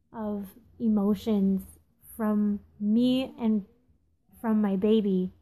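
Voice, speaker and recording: Woman, 30s, slightly high voice, candid solo podcast musing, halting and unpolished. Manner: candid, confessional, halting with many ums. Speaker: podcast host. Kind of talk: casual reflective monologue. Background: phone texting interruptions.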